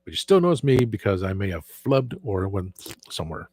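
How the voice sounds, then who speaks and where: A man with a throat worn rough and hoarse, chatting loosely as host of a casual stream. His voice sits low, and he keeps circling back and correcting himself. The sound is close and dry. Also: sing-song, a little fast, a little mellow, dry recording. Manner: rambling, with frequent restarts and self-corrections. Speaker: show host. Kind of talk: casual livestream chat.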